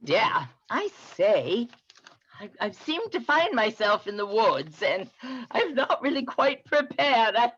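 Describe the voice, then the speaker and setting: A dithering English gentleman, as a woman puts him on, stammering along in a slow, lilting voice with a lot of pitch movement. The audio is dull, like a video-call feed. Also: very animated, a little hiss or hum, exaggerated voice. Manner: dithering, hesitant. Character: fussy, unprepared English gentleman.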